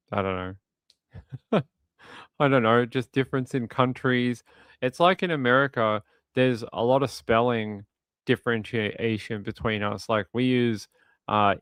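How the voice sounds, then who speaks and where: A man with an Australian accent hosting a livestream and reading viewer comments in a relaxed way. He repeats himself often and chuckles between thoughts. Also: lowish voice, clean tone, no room sound. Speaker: livestream host. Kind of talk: casual live chat reading viewer comments.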